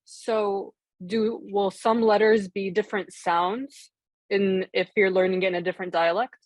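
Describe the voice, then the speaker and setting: A woman's voice: mid-range voice, fairly even intonation, a little slow, no room sound. Woman, student, hesitant, dry close sound, video call. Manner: hesitant, searching for words. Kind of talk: asking a question in class.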